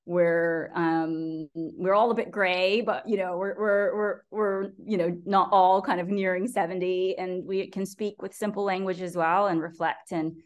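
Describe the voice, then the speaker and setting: Animated American woman professor. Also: fairly low pitch, a little slow, hardly any pauses. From United States. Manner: animated, quotes critics in mocking voices. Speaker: professor and guest. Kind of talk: conversational interview.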